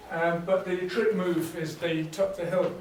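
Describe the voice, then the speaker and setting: A man leading a teacher workshop, explaining teaching ideas in a relaxed way with fillers and restarts. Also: sits high, a little slow, a little hiss or hum. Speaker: workshop trainer. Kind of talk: teacher training talk. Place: workshop room. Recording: echoey room, distant mic.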